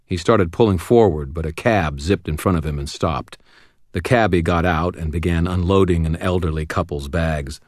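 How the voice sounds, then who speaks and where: A man narrating a first-person audiobook in a wry, steady storytelling manner. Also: low-pitched, moderate pace, no room sound, studio quality.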